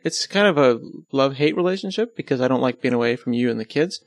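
A man's voice: medium pitch, animated, quick pace, no echo. A man answering questions in a casual podcast chat, teasing and rambling, self-deprecating about himself. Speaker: podcast host and web developer, as guest.

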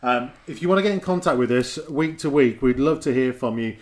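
A man's voice: medium pitch, lively intonation, a little fast. A man hosts a podcast in a loose, chatty way. He jokes and teases his co-host, and his voice sits in an ordinary middle register. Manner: chatty, joking, self-mocking. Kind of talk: casual podcast chat.

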